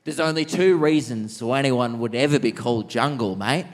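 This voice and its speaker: A man voicing a seventy-year-old Australian war veteran in a slow, gruff, matter-of-fact drawl. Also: mid-range voice, big-room sound, close to an everyday voice. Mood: gruff, proud.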